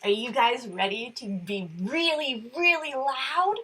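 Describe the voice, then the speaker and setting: A woman reading a picture book to young children in an animated voice, coaxing them to count and whisper along. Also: a little high, slow, hardly any pauses, husky. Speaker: children's story reader.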